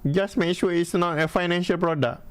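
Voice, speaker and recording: A man hosting a casual question-and-answer chat, speaking deliberately and pausing to search for the right words. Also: high voice, clear, resonant tone. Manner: deliberate, pauses to find words. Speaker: host.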